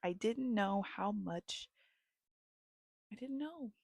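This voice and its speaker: A woman's voice: medium pitch, takes it slowly, creaky, breathy edge, dry recording, studio quality. A young woman giving casual book recommendations to her viewers, telling stories with lots of feeling and now and then dropping into a whisper. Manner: animated storytelling, dropping into whispers at moments. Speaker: book vlogger.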